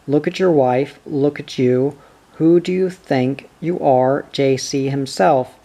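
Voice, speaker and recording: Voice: medium pitch, takes it slowly, mellow. A reader voicing a proud young woman who answers with vehement, scalding retorts, in a storybook reading. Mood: fierce. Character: fierce, proud young woman standing her ground.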